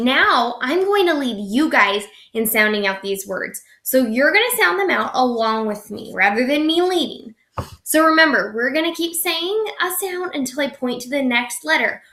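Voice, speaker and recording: A young woman teaching young children a phonics lesson, slow and encouraging, stretching out each sound. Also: high-pitched, bright, forceful tone, roomy sound.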